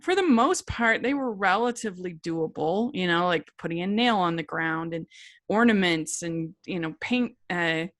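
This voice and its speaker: A woman's voice: fairly low pitch, lively intonation, moderate pace, no room sound. Woman film reviewer chatting on a podcast, lots of likes and restarts, dry close mic. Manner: chatty, many restarts and "like" while reasoning out her critique. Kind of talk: casual chat.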